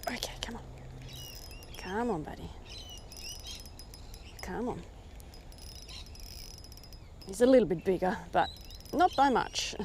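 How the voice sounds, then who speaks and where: A woman with an Australian accent chatting casually as she fishes, talking to the fish and getting very excited over a catch. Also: medium pitch, takes it slowly, long pauses, a little hiss or hum. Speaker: fishing vlogger. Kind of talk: casual running commentary while fishing. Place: outdoors by the water in the rain.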